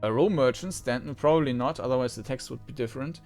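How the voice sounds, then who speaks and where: A man giving casual let's-play commentary as he plays a role-playing game. He muses and thinks aloud at an ordinary middle pitch. Soft game music plays faintly behind his voice. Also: fast, vocal fry. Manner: musing, thinks aloud with fillers.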